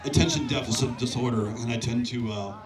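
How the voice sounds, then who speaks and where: A man's voice: mid-range voice, brisk, heavy background noise. A man in his fifties, a singer-songwriter and pastor, chatting on stage between songs in a rambling, self-deprecating way. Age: 50s. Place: outdoor park stage at a live concert. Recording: loud live outdoor concert recording. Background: loud crowd and guitar music.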